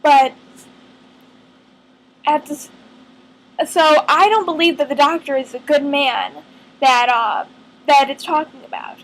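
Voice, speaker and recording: A woman vlogging in casual fan chat to camera, earnest and rambling, thinking aloud with lots of pauses. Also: high-pitched, rough recording.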